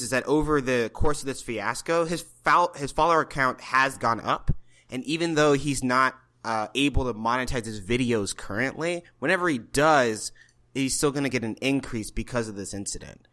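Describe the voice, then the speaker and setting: Bright-voiced man explaining calmly. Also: mid-range voice. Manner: measured, explaining with fillers. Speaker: podcast co-host. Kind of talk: casual podcast chat.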